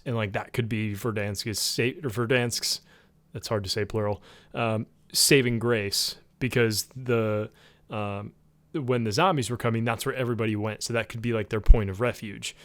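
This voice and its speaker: A man co-hosting a casual gaming podcast, talking in a rambling way with lots of fillers and getting excited about the game. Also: mid-range voice, dry recording. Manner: rambling, with many fillers and restarts. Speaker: podcast co-host.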